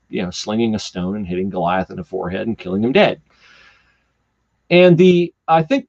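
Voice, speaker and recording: A male podcast host talks through a Bible story in a casual, animated way. His pitch swings widely as he builds each point. The recording is a bit dull and lo-fi. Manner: animated storyteller who slips into character voices. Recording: slightly dull lo-fi podcast audio.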